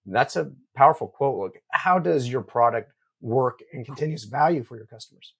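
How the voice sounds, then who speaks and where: A man's voice: mid-range voice, expressive, a little fast, gravelly, slightly rough. A man hosting an interview podcast, summarizing his guest's points and leading with questions. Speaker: podcast host.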